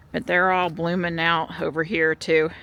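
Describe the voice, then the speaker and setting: A woman chatting casually in a vlog outdoors in her yard, recorded on a small handheld camera and breaking into a high sing-song voice when she calls her pets. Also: fairly bright tone. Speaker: vlogger.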